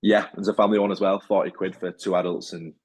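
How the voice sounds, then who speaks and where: A man's voice: sits low, level tone, fast. A man talking as a rugby league player in a casual interview, easygoing and rambling, with many fillers and restarts.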